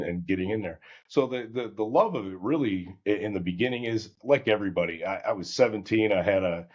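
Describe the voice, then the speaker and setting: A middle-aged man telling a story in a casual interview, lively, acting out quotes, with many restarts. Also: low-pitched, husky. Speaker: guest, auto service company founder. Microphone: podcast microphone. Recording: slightly dull lo-fi sound.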